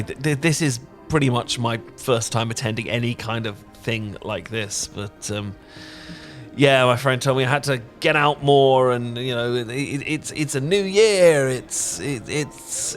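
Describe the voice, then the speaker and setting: A man's voice: medium pitch, measured pace, fairly bright tone, soft background music. A British man in an audio role-play, stammering, apologizing and laughing nervously. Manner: laughs often. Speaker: ASMR roleplay performer.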